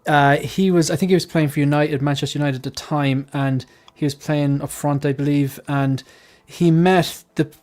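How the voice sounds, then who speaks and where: Man, host, casual panel chat, rambling, frequent restarts, slightly high voice. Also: fairly even intonation, moderate pace, few pauses, darkish tone. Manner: rambling storyteller, many restarts. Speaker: livestream host.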